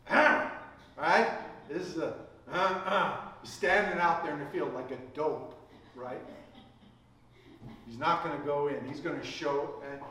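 A man's voice: high voice, fairly bright tone. A man preaching a sermon, reading scripture aloud and explaining it, often checking in with "right?". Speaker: pastor. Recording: echoey room, mic far off.

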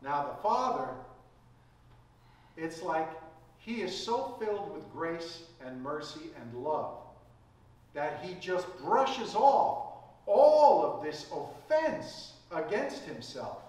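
A man's voice: on the high side, sing-song, takes it slowly, a little mellow. A man preaching a sermon, reading scripture aloud and explaining it, often checking in with "right?". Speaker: pastor. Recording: echoey room, mic far off.

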